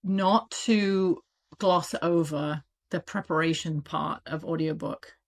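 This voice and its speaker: Chatty British-accented woman publisher, low-pitched. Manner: animated, chatty, quick asides with laughs. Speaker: audiobook publisher, guest. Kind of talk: casual interview talk.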